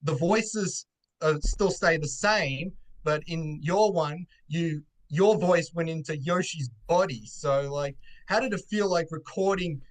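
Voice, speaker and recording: A man's voice: a little high, a little slow. A man co-hosting an interview show on a video call, asking long rambling questions full of fillers. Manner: hesitant, filler-heavy, rambling. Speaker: podcast co-host. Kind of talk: casual interview chat.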